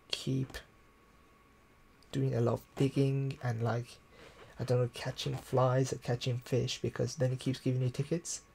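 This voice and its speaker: A man's voice: mid-range voice, gravelly, mellow, slight background noise. A man streaming live gameplay, chatting casually, thinking aloud and reading viewer comments. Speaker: gaming streamer.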